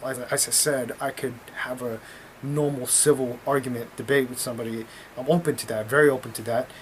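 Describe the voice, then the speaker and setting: A man's voice: medium pitch, steady tone, a little fast, slight background noise. A man telling a story in a casual vlog, talking in a blunt, profane, rambling way.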